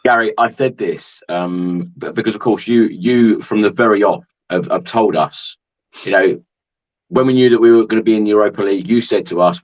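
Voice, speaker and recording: Man, lowish voice, podcast host, hesitant, restarts, casual chat. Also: normal speed, low-quality recording.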